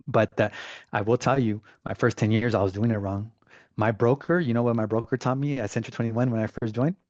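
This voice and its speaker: A man telling stories in a relaxed, animated way, dropping casual slang as he talks through his experience as a real estate agent. His pitch sits in the middle for a man. The recording is dry and slightly muffled, with little room sound. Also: brisk, dry recording. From Southern California. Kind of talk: casual storytelling interview.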